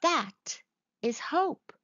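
A woman voicing a gentle, patient mother mole in a storybook reading, speaking softly and slowly and sometimes whispering. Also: sits high, big pitch swings, dry recording, pitched above the performer's own voice, heavily acted. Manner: soft, slow and soothing, sometimes whispered. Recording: dull lo-fi sound.

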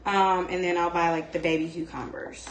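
A woman's voice: lowish voice, moderate pace, echoey room, a little hiss or hum. A woman hosting a home cooking show, chatting casually and expressively as she cooks. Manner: chatty and expressive, fond of the word "like". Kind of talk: casual chat while cooking. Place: home kitchen.

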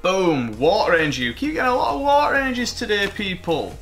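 Excitable man opening card packs. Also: high voice, fast, soft background music. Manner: excitable, swears, mocks himself. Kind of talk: casual commentary while opening packs.

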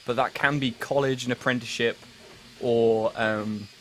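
A man's voice: mid-range voice, steady tone, normal speed, a bit bright, slight background noise, low-quality recording. A young man in his late teens with an English accent, chatting casually with viewers on a live stream in a rambling, self-mocking way with many restarts. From England. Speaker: livestream host.

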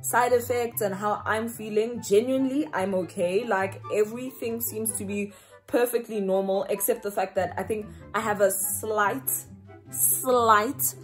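A young woman from South Africa, vlogging casually to camera with a slightly runny nose, telling a story in an animated, slangy way and laughing often. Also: medium pitch, normal speed, faint music behind. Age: young adult. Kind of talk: casual vlog chat to camera.

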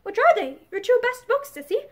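A woman's voice: extremely high pitch, very animated, fairly quick, pitched above the performer's own voice. A woman reading as a hearty laughing countryman. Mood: eager. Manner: boisterous, laughing, loud. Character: hearty, friendly young countryman.

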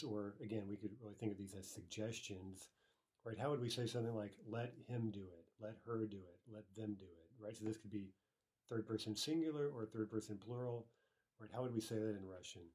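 A man with a low, mellow voice and a slightly husky edge leads a grammar lesson. He explains each rule patiently and reads every example aloud more than once. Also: fairly quick. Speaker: language teacher.

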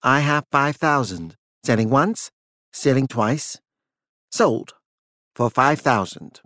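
A man voicing a nervous male auctioneer who speaks in a hushed, faltering way and then falls back on stiff formality. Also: medium pitch, animated, slow pace, no echo, studio quality. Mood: shaken.

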